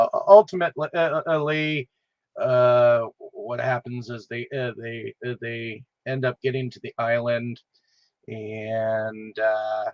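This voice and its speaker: A man leads a casual film chat, talking slowly and stumbling through his sentences with a steady stream of "uh" fillers. The recording is dry and a bit dull, with a lo-fi edge. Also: medium pitch, no room sound. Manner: halting, with constant "uh" fillers. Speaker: podcast host.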